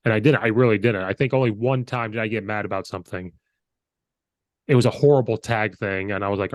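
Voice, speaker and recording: Male host, slightly low voice, casual storyteller who acts out dialogue, dry close sound. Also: a little fast, no echo. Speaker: podcast host and high school coach. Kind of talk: casual chat.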